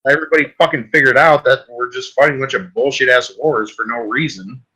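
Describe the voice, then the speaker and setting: A man's voice: medium pitch, fairly quick, bright, forceful tone, breathy edge, poor audio. A man hosting a solo podcast, delivering a rambling, crude comic rant full of swearing. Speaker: podcast host.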